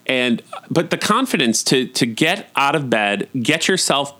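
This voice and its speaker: A man at home spins casual, chatty stories with a campy edge. His voice sits at a middling pitch but jumps into bright, high swoops whenever something thrills him. He sounds loose and talkative, like a podcast host chatting to his listeners. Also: very animated, unhurried. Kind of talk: casual storytelling monologue.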